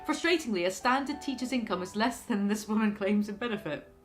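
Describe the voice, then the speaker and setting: A woman's voice: medium pitch, expressive, a little fast, soft background music. A woman vlogger reading out a news story and breaking off for sarcastic, mocking commentary. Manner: sarcastic, mocking, laughs at her own jokes.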